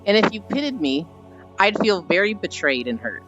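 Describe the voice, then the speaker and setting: A young adult streamer chatting casually with viewers, telling animated stories and swearing freely. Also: medium pitch, moderate pace. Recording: slightly dull stream audio with faint music.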